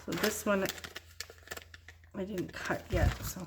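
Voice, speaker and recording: A tired woman casually showing her artwork and journals in a vlog, talking in a relaxed, rambling way. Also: medium pitch, slow pace, background noise. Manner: relaxed, rambling, soft-spoken with yawns. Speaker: junk journal artist. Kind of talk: casual show-and-tell vlog.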